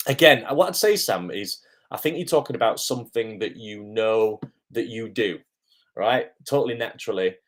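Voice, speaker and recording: A man, an acting coach answering viewers' questions on a live stream in a friendly, chatty way with frequent ums. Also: on the low side.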